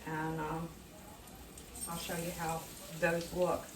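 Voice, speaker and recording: A friendly woman talks her viewers through a home recipe, chatty and enthusiastic, calling them friends. Her voice sits a little away from the mic, in a kitchen that rings with room echo. A steady hum of household noise runs behind her. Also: on the low side, takes it slowly, far from the mic. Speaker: home cooking vlogger. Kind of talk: casual cooking demonstration.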